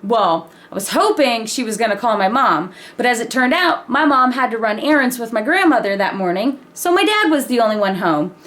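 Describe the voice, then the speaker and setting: Animated woman telling a funny story. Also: on the high side, brisk, few pauses. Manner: animated, laughing, frank with swearing. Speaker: vlogger. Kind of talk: casual storytelling.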